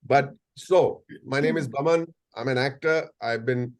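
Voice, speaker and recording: A man's voice: mid-range voice, a little slow. Playful Indian man in his sixties. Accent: Indian English. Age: 60s. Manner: playful, storytelling, jokes and asides. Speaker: guest speaker. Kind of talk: anecdotal talk to a video-call audience. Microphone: video call.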